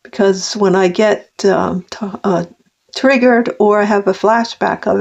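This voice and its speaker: Older woman, gravelly, confessional vlog talk that wanders and restarts, lo-fi sound. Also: mid-range voice, fairly even intonation, measured pace, darkish tone. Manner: rambling, heartfelt, with frequent restarts. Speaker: vlogger. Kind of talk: personal confessional monologue. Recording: dull lo-fi recording.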